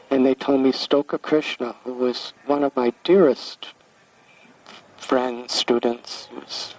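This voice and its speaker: A man in his sixties from the United States, a spiritual teacher telling a devotional story in a gentle, halting way, often repeating words as he recalls. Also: mid-range voice. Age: 60s. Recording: distant mic with faint background hiss.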